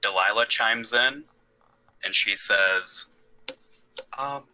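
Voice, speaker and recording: A man playing in a tabletop game, making casual quick remarks. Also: low voice, steady tone, pushed and bright, rough recording. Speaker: player.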